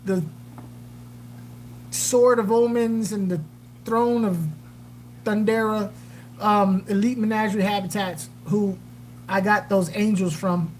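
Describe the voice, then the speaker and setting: Woman host, rambling jokey livestream chatter, a touch high-voiced, faint hum behind. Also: rough recording. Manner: rambling, reads out and answers viewer comments; animated, jokey, trails off with fillers. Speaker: aquarium channel livestream host. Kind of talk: casual livestream chat.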